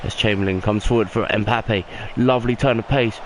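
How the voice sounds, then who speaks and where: In a low-quality home recording with plain background noise, a young YouTuber gives mock commentary on his football video game at normal speed. His lowish voice climbs excitedly during the key plays of his casual play-by-play.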